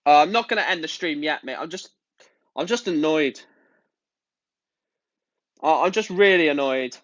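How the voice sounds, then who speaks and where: A man's voice: on the high side, animated, normal speed, long pauses, a bit bright, dry recording. A man live-streaming, ranting about football in an angry, exasperated way and swearing often. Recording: dull, lo-fi stream audio.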